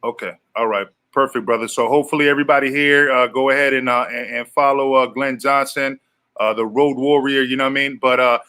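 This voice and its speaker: A man hosting a casual online show. He talks fast in a bright, forceful voice and keeps things loose. He throws in friendly words like brother as he wraps up. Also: medium pitch, fairly even intonation. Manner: quick, loose, calls people brother. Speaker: show host.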